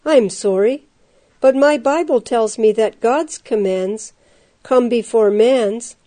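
A woman doing a calm, gentle prisoner. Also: on the high side, takes it slowly. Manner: quiet, calm, earnest. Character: calm, gentle male prisoner, soft-spoken and devout.

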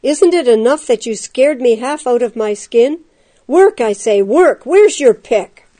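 A woman voicing an angry male prison guard who barks and shouts his orders. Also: fairly high pitch, expressive. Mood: furious. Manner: barking, loud, drawn-out shouts.

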